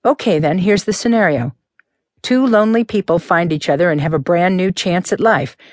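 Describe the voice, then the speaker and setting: A woman's voice: fairly low pitch, moderate pace, darkish tone, dry recording, lightly acted. A woman voicing a cool-headed teenage boy in an audiobook, dry and mocking in her delivery. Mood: teasing.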